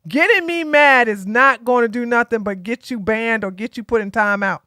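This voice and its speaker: A woman's voice: fairly high pitch, normal speed, pushed and bright, no room sound, clean studio sound. A tired woman from Georgia, hosting a casual political live stream and talking bluntly to her chat. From Georgia, USA. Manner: blunt, sassy, talks straight to chat.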